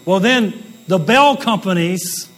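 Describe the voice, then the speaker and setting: Southern man, late 40s, guest speaker; high, chatty and self-mocking, light hum behind. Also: lively intonation, takes it slowly, a bit bright, low-quality recording. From Southern United States. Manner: rambling, folksy and self-deprecating, with asides and laughs. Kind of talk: storytelling talk to an audience.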